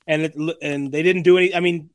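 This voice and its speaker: A man's voice: a little high, fairly even intonation, quick pace. A man hosting a casual chat, reacting with short remarks and laughs.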